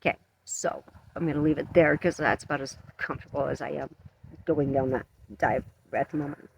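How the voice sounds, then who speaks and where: A man's voice: fairly high pitch, fairly even intonation, creaky, noisy background. Shaky-voiced man vlogging outdoors. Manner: earnest, halting, self-conscious with nervous laughs. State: shaky voice from cold and emotion. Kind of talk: emotional outdoor vlog monologue. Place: outdoors at dusk. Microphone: camera mic up close.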